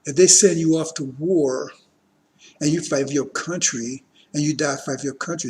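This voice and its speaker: A religious teacher with a slightly high, somewhat mellow voice speaks at normal speed. He delivers an emphatic political lecture to a congregation, firing rhetorical questions and often checking in with his listeners.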